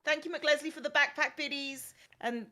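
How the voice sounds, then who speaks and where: A woman guesting on a live stream, chatting in a relaxed way and thanking viewers. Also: sits high, moderate pace. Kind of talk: casual chat.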